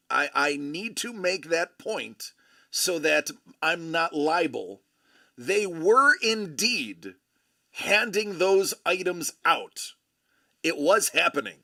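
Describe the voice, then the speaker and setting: An American man with a fairly high, bright voice chats casually on his stream. His talk rises and falls a lot as he rambles and jokes. He pads his sentences with fillers and restarts. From United States. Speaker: livestream host and father.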